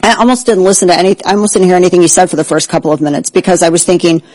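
A woman's voice: on the low side, fairly even intonation, very fast, darkish tone, dry recording, poor audio. A woman hosting a political talk show, delivering indignant, sarcastic commentary.

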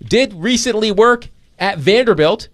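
Animated, lively-voiced male sports host. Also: high-pitched, a little slow. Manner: animated, mock-incredulous. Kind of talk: casual sports talk.

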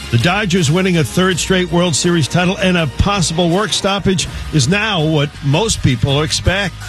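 A man reading a scripted sports news update on the radio in a brisk, polished broadcast manner. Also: on the high side.

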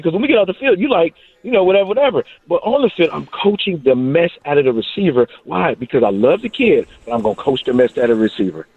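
A man's voice: fairly high pitch, quick pace, hardly any pauses, breathy edge, dry recording. A man who is a former wide receiver and coach, calling in to a sports radio show and telling stories with emphatic energy. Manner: animated storytelling, emphatic. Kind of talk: casual sports radio chat. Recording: tinny phone line.

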